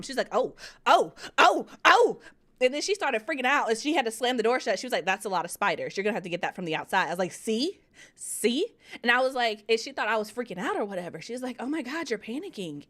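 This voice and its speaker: A woman hosting a writing livestream, chatting casually, telling animated stories and reading chat comments aloud. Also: medium pitch. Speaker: livestream host of writing sprints.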